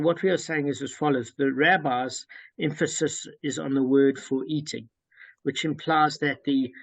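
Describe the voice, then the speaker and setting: A man's voice: a little high, gravelly, breathy edge, dry recording, low-quality recording. A man leading a study group through a Talmud passage, explaining it step by step and often restating points with fillers.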